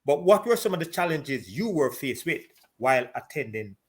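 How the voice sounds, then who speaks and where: A man from Jamaica hosting an interview, asking calm questions and laughing along with his guest. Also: mid-range voice, moderate pace. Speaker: host, former Olympian.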